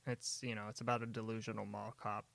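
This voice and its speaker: A man's voice: lowish voice, little pitch movement, fast talker, vocal fry, fairly bright tone, dry recording. A young man co-hosting a podcast, chatting casually and rambling about movies, saying "man" and "like" a lot. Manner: laid-back, rambling, says "man" and "like" often. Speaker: podcast co-host. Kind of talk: casual chat.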